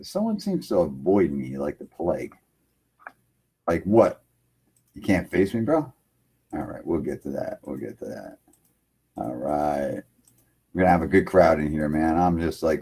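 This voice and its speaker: A man's voice: deep voice, warm tone, husky. A man hosting an internet radio livestream, rambling loosely in casual chat from his home computer setup and filling lines with "man".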